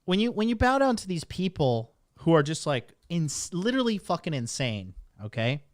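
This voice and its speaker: A man's voice: a little high, sing-song, normal speed, no room sound, clean studio sound. A man running a casual livestream as a dating coach, talking in a rambling, blunt, profane way.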